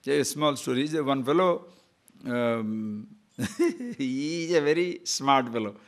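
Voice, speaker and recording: Animated Odia-accented spiritual teacher. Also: male voice, medium pitch, slow pace. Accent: Indian English, Odia. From Odisha, India. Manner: animated, playful, rhetorical questions. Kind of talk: spiritual discourse with storytelling.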